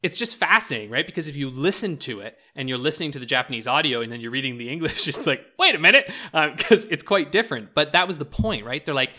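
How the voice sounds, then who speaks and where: A man's voice: medium pitch, expressive, fast, hardly any pauses, pushed and bright. A man in casual podcast chat, talking animatedly with lots of "like" and "right?" and laughing as he explains. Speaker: podcast co-host.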